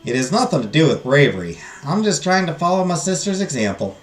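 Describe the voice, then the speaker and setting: A grieving young farm woman, read by a man, tells her story in a slow, sorrowful Southern drawl. Her voice swings widely in pitch. It sits in an echoey room with faint music playing behind it. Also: big pitch swings. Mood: wistful. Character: wistful young woman farmer mourning her siblings. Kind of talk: reading game dialogue aloud.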